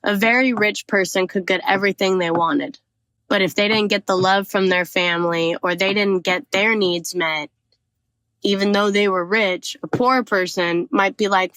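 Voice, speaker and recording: A woman talking casually and earnestly, reflecting as she thinks out loud. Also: mid-range voice, steady tone, moderate pace, dry recording.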